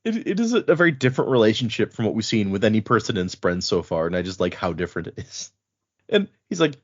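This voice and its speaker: A man hosting a podcast, recapping a book chapter in a casual, animated way. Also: fairly low pitch, fast talker, dull audio. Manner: animated, laughing. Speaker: podcast host.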